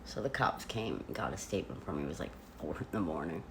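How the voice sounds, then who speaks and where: A woman vlogger chatting casually from a hotel room, retelling events in an animated way with lots of "like.". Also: very deep voice, fast, slight background noise. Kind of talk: casual storytelling.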